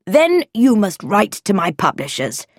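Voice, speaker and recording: A woman's voice: mid-range voice, very animated, a little slow, no echo, studio quality. A woman reading the lines of an absent-minded elderly professor father in a storybook, fussy and mildly irritable. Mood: irritated.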